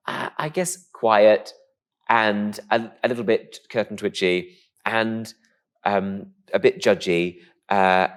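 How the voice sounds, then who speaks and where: Posh-voiced English male comic, camp and animated, low voice with a wide swing. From England. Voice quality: posh-sounding voice. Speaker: comedian guest. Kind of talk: casual interview chat.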